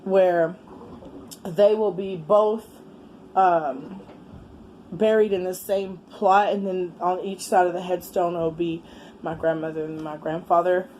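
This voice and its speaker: A middle-aged woman, chatting casually as a vlogger while eating, exclamatory and quick to laugh. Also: on the low side, fairly even intonation, a little mellow, slight background noise. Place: home, with a fan running.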